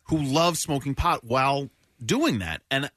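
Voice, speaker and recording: A man's voice: mid-range voice, lively intonation, unhurried, fairly bright tone, no echo, clean studio sound. A man on a radio show chatting in an easygoing way. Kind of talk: casual on-air banter.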